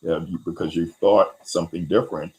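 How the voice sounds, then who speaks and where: A man hosting a talk, explaining resilience skills in a relaxed conversational way, with many fillers and quick acted-out quotes. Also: low voice, rough recording. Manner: animated, acts out quoted voices, many fillers. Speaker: host.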